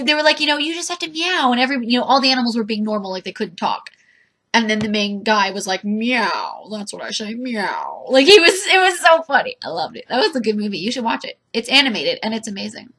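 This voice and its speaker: High, lively, giggly woman vlogger. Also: a little fast. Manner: giggly, rambling, chatty with her cat. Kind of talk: casual chat to camera. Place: home room with her cat.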